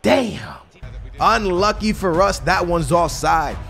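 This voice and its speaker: A young man giving slangy, excitable commentary over a football video game, swinging between hype and grumbling. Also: high-pitched, slow pace, gravelly, soft background music. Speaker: gaming YouTuber. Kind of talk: gameplay commentary.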